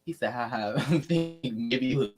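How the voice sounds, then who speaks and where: A man's voice: medium pitch, moderate pace, music in the background. A man co-hosting a casual reaction video, laughing often and acting out what people said. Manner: animated, laughs often, acts out quotes. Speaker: reaction channel co-host.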